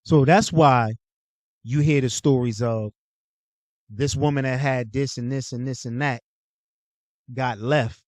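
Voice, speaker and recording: A man's voice: mid-range voice, steady tone, unhurried, pauses often, a little mellow, dry recording. A young adult man hosting his own show, lecturing in a blunt, profane, casual way. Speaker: host. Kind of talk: casual monologue.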